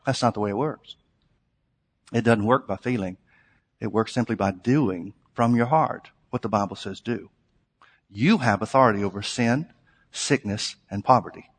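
A man's voice: fairly low pitch, normal speed, slightly rough, soft background music. A man preaching a sermon, telling a story in a conversational way and then rising to emphatic exhortation. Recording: long hall reverb.

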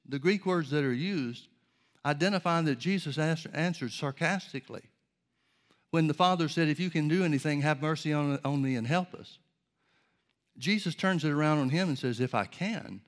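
Earnest male preacher, slightly high voice. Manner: earnest, measured teaching with rhetorical questions. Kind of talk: sermon.

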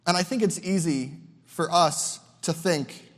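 A man's voice: high-pitched, a little slow, big-room sound. A young man preaching a sermon as a guest speaker, talking in a loose, conversational way, often mimicking other people's voices and repeating words as he goes.

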